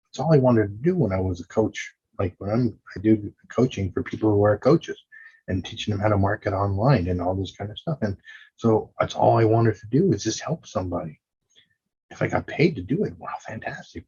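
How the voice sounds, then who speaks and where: A man's voice: fairly low pitch, a little mellow, slightly rough, muffled recording. A man hosting a self-help podcast, talking earnestly and casually, now and then acting out his own doubting inner voice. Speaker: podcast host and coach.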